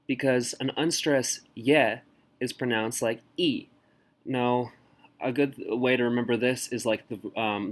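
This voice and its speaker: A man teaching a language lesson in a relaxed, casual way, slowly sounding out example words. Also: medium pitch.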